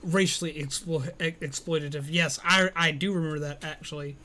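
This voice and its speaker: A man's voice: a little high, fairly even intonation, fairly quick, bright, forceful tone, slight background noise. A man in casual live-stream chat, answering viewer comments while recovering from illness. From Alabama, US.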